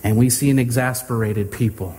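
A male pastor giving a sermon with earnest, drawn-out emphasis. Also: medium pitch, warm tone. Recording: reverberant hall with faint ambience.

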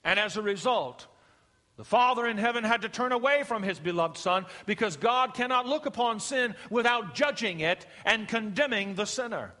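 A middle-aged man preaching a sermon, swinging from emphatic rises to hushed, slow passages. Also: high voice, animated. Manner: emphatic preaching, rising and dropping to a hush. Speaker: pastor. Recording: long hall reverb.

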